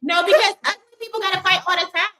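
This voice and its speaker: A woman's voice: very high voice, steady tone, fast talker, bright, forceful tone, a little hiss or hum. A woman in casual podcast banter, firing off teasing comebacks.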